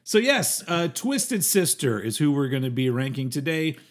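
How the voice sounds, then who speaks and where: A man in his forties co-hosting a casual podcast, talking in a rambling, halting way with plenty of fillers and swearing. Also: mid-range voice, very animated. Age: 40s. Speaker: podcast co-host. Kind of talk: casual chat.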